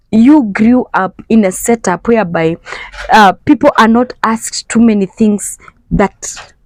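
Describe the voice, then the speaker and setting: A woman's voice: mid-range voice, darkish tone, no echo, low-quality recording. A middle-aged woman, a mother, talking earnestly about emotional neglect, repeating her points for emphasis and acting out inner voices. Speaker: foster mom and parenting speaker. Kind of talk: earnest talk to camera.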